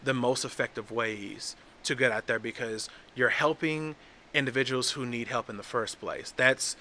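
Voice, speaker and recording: An earnest man speaks in an easygoing podcast conversation, his voice bright and forward. He often restarts his sentences as he works out his thoughts. A faint hiss sits under the recording. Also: mid-range voice, moderate pace. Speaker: guest.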